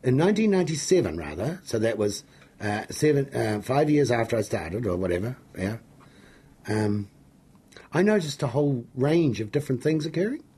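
A middle-aged man with a New Zealand accent and a gravelly, husky voice, telling stories as an interview guest in an excitable, jokey, rambling way. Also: mid-range voice, normal speed. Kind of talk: animated storytelling in an interview.

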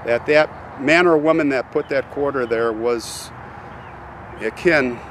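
A man's voice: medium pitch, slow, fairly bright tone, slight background noise. A man hosting an on-location vlog at a military cemetery, speaking earnestly and reverently straight to his viewers. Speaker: channel host visiting a grave.

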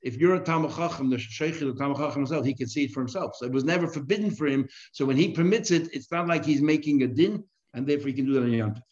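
A man's voice: medium pitch, fast, hardly any pauses, a little mellow, muffled recording. A man, a rabbi, teaching a daily Talmud class, reading Aramaic phrases and explaining each one in plain English.

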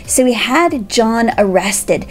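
A woman pastor telling a Bible story to children with animated, expressive delivery, speaking directly to the kids. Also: a little high, takes it slowly, soft background music.

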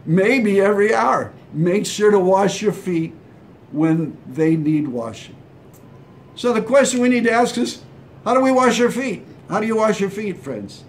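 A man with a rather high voice gives a short devotional sermon. He preaches in a conversational way and sometimes acts out imagined replies. A faint low rumble sits behind him. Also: expressive, measured pace. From Hawaii. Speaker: pastor.

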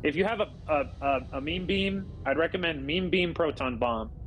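A young man giving tactics to his team over casual voice chat, talking in halting bursts with many fillers and restarts. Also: fairly high pitch, fairly bright tone, a little hiss or hum, poor audio. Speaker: squadron leader and streamer.

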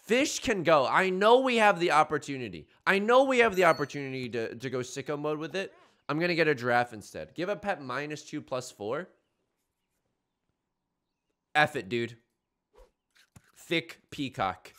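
Excitable man with a lively voice. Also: on the high side, a little fast. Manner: excitable, jokey, with sudden loud outbursts. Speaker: gaming YouTuber. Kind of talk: casual gameplay commentary.

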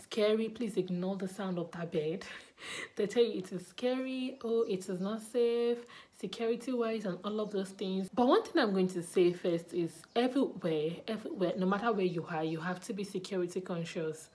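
A woman's voice: medium pitch, moderate pace, a little mellow. A young Nigerian woman with a Nigerian accent, chatting to camera in a casual vlog and repeating words for emphasis. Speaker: vlogger.

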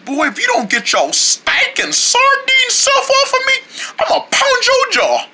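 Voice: huge pitch swings, unhurried, heavy background noise, full character voice. A performer voicing a furious little fish that shrieks threats, in a homemade toy skit. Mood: threatening. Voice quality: shrill and yelling.

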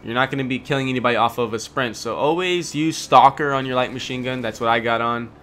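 Bright-voiced young man commentating gameplay. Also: medium pitch, fast, a little hiss or hum. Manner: relaxed, chatty, frequent ums, self-correcting.

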